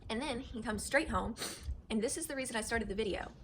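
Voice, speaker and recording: A woman talking in a casual home vlog, close to tears and gushing with gratitude, with halting restarts. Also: fairly high pitch, a little hiss or hum, poor audio. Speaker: vlogger and wife. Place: home kitchen.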